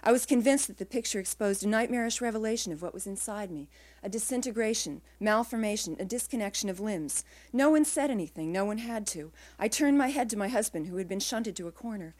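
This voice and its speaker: A woman author reading her own first-person prose aloud at a live literary reading, in a measured, quiet way. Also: medium pitch, lively intonation.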